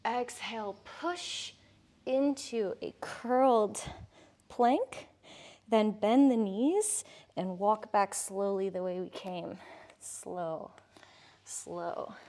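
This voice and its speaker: A woman leads a yoga flow, calling out each breath and pose in a calm, unhurried way. Her pitch sits in a middle range and she lets long pauses fall between cues. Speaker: yoga instructor. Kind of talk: guided yoga class instruction.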